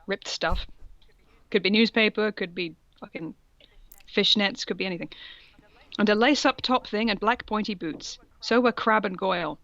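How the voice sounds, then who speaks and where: A woman's voice: medium pitch, moderate pace, a bit bright, dry recording, highs cut off. A woman co-hosting a podcast, reading fan fiction aloud with mocking, laughing asides. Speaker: podcast co-host.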